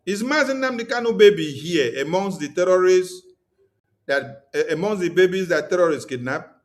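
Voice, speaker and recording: Nigerian man, slightly higher voice, online commentator: fiery, mocking, scolds with rhetorical questions. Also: animated, moderate pace. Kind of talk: impassioned political commentary.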